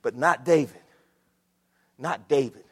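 A man preaching a sermon as pastor, moving from steady scripture reading to loud, shouted passages. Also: mid-range voice, takes it slowly, husky, big-room sound.

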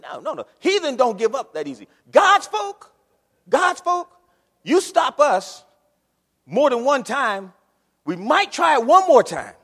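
A man preaching a sermon in a church, swinging from loud shouts to low murmurs. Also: huge pitch swings, unhurried. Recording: long reverb of a large hall.

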